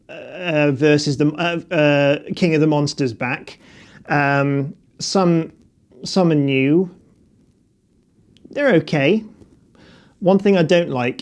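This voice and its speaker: A man's voice: fairly high pitch, darkish tone. A middle-aged man giving a casual, unscripted film review, talking hesitantly with many fillers and restarts.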